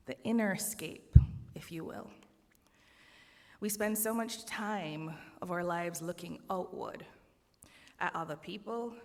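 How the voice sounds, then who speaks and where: A woman with a Jamaican accent opening a church service as worship leader. She speaks in a measured, reflective way with light asides. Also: mid-range voice. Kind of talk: sermon opening. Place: church sanctuary. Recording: long reverb of a large hall.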